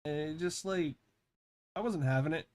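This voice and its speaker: A man in his thirties with a fairly high, darkish voice chats casually at a normal pace while drawing pixel art. He's a pixel artist and vlogger who rambles, swears freely, and laughs at his own stories.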